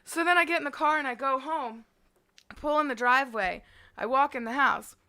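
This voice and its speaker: A middle-aged woman with a gravelly, creaky edge to her voice tells a story in casual chat. She talks with a bright, sharp tone. She is brash and profane and acts out the lines of the people in her story. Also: high-pitched, normal speed. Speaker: guest storyteller.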